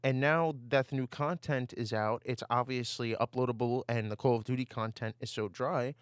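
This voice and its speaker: A man's voice: medium pitch, fairly even intonation, normal speed, smooth, no room sound, clean studio sound. A man ranting over gameplay footage on a desk mic, heated and given to repeating himself. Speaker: gaming YouTuber. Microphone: desktop mic.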